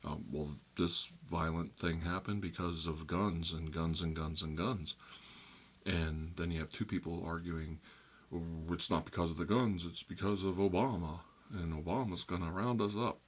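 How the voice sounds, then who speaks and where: A deep-voiced man with a husky, breathy tone talks through a soft-spoken ASMR rant. He is wry and conversational and slips between near-whispers and emphatic stresses. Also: steady tone, moderate pace. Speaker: ASMR channel host.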